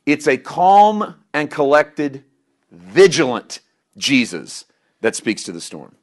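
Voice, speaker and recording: A middle-aged man preaching a sermon, swinging between loud emphatic lines and quiet asides, chuckling at himself now and then. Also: mid-range voice, very animated, takes it slowly. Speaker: pastor.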